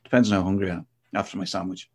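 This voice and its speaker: A man hosting a casual podcast chat, chatty and quick to laugh. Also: sits low, flat delivery, a little mellow. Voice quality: gravelly, husky voice. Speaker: podcast host.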